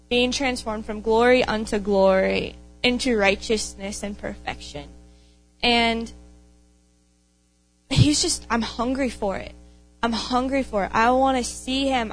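A woman's voice: a little high, low-quality recording. A young woman giving an informal sermon to her church, earnest and passionate, repeating phrases for emphasis. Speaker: young speaker in a church gathering.

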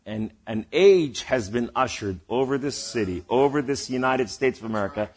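A man's voice: mid-range voice, husky. A man preaching a sermon in a rambling, emphatic way, building to calls to the listeners. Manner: rambling and emphatic, rising to exhortation.

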